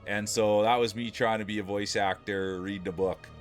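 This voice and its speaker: A man's voice: lowish voice, fairly even intonation, moderate pace, soft background music. A man livestreaming, talking casually and playfully with his chat, laughing often.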